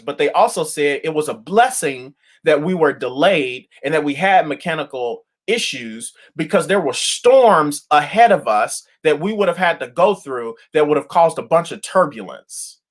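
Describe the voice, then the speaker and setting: Male pastor, fairly high voice; lively colloquial storyteller who lands points with emphasis. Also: normal speed, few pauses. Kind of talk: daily devotional sermon.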